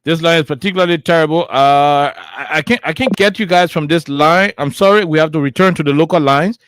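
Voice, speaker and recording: Man hosting call-in radio, high voice, dry sound, quick prompts. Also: a bit bright, smooth, no room sound. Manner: brisk, repeatedly prompting callers to go ahead.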